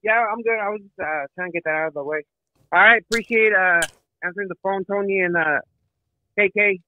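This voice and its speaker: A man's voice: high-pitched, fairly quick, narrow, tinny audio, slight background noise. A man calling in to a radio show, asking questions in a hesitant, rambling way. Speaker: caller. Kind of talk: call-in question.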